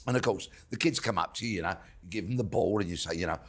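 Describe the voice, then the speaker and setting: A man's voice: low voice, fast. A man on a talk panel telling an anecdote in a chatty, colloquial way.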